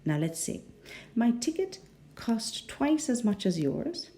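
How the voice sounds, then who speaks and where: A woman's voice: fairly high pitch, big pitch swings, slow, dark tone. A woman with a rhotic English accent teaching a pronunciation lesson, patient and often checking in with the learners.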